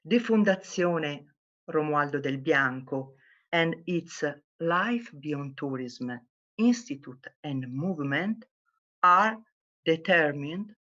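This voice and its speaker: A woman from Italy closing a formal conference talk over a video call, speaking slowly and with emphasis. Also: deep voice, expressive, bright, forceful tone. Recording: dull lo-fi video call audio.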